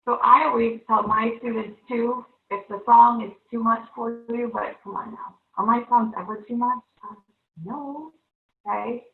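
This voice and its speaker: A woman's voice: fairly high pitch, fairly even intonation, normal speed, creaky. A woman teaching a televised math lesson to young students, upbeat and coaxing, constantly checking in with the class. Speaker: third-grade teacher. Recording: echoey room, far-off, thin phone-like sound.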